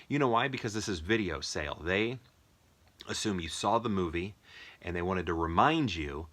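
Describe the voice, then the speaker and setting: A man's voice: low voice, expressive, normal speed, background noise. A man casually ranking movies in a monologue, rambling and thinking aloud with lots of fillers. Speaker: movie reviewer.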